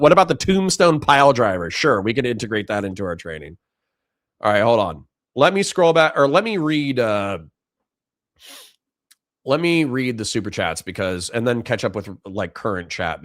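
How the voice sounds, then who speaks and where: A man hosting a livestream, reading viewer messages and ranting with heavy swearing, flipping between loud outbursts and muttered apologies. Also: lowish voice, no echo, studio quality. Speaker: livestream host reading super chats. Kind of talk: heated livestream commentary.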